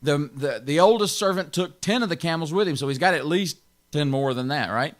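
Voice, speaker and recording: A man's voice: on the high side, expressive, fairly quick. A man pastor giving an informal Bible teaching, stressing key words and chuckling often.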